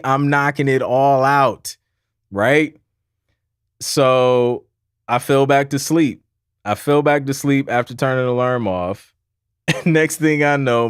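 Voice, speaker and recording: A man's voice: medium pitch, clear, resonant tone, no room sound, clean studio sound. A man hosting a livestream, chatting casually and telling a rambling story with frequent laughs and repeated phrases. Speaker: livestream host.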